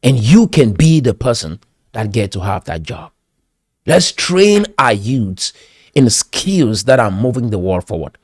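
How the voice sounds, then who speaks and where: A man's voice: mid-range voice, sing-song, a little slow, no room sound, studio quality. A man with a Cameroonian English accent, delivering a motivational talk in an exhorting, preachy manner and repeating phrases for emphasis. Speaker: pastor and commentator.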